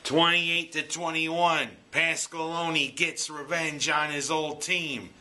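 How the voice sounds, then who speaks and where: Bright-toned exasperated sports ranter. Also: male voice, fairly high pitch, fairly even intonation, slow. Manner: exasperated, joking, sarcastic. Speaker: sports commentator. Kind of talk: sports rant monologue.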